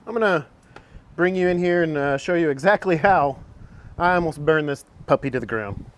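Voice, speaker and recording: A man's voice: fairly high pitch, normal speed, a little hiss or hum. A man casually talking through a car repair in a vlog, chatty and self-mocking, recorded outdoors by a truck on a camera mic. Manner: chatty, self-mocking, gets long-winded.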